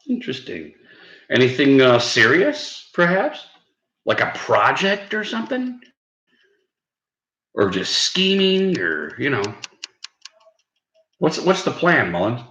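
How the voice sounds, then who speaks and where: A man's voice: medium pitch, sharp tone, highs cut off. A man hosting a casual late-night live stream who chats with viewers in the comments, rambling, swearing and laughing at his own lines. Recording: echoey room, faint background noise.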